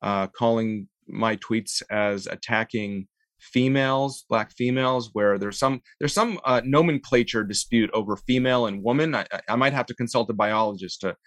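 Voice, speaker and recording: A man speaking as a guest in a casual interview, measured and wry, with many ums and uhs. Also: medium pitch, fairly bright tone, no echo. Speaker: interview guest, law school lecturer.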